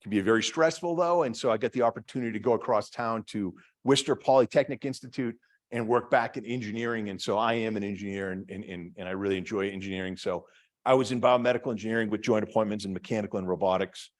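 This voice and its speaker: A man's voice: on the low side, fast. Chatty middle-aged Boston man lecturing. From Massachusetts. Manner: chatty, self-deprecating, many fillers and restarts. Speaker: engineering department head giving a talk. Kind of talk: lecture to an audience.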